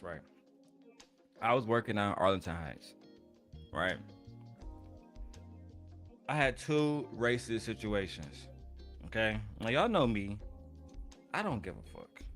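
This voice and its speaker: A man telling a rough personal story in a casual, profane rant, animated and full of streetwise slang. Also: on the low side.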